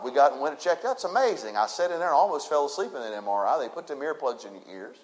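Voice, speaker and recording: A man's voice: on the high side, sing-song, quick pace, hardly any pauses, faint music behind. A man preaching a sermon, repeating his points with emphasis and speaking straight to the congregation. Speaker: pastor.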